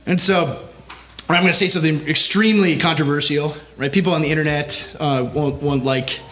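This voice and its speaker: A man's voice: on the high side, fairly even intonation, brisk, fairly bright tone. A man, a pastor giving a conference talk, speaking emphatically and checking in with the audience with "right?" after nearly every line. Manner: emphatic, keeps tagging lines with "right?".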